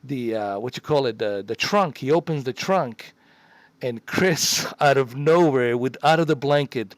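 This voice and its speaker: A man's voice: mid-range voice, measured pace, no room sound. A middle-aged man casually telling a story to his viewers, profane and rambling, repeating himself for emphasis.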